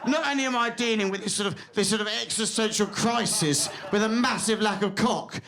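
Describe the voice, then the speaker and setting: A man doing stand-up comedy on a theatre stage, excitable, with stammering restarts that drop into hushed asides. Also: sits high, fairly quick.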